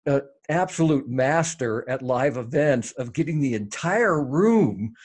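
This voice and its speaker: A man hosting a podcast, introducing his guest and asking questions with halting, stammering starts. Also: mid-range voice, lively intonation, a little mellow, breathy edge. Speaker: podcast host. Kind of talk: casual interview.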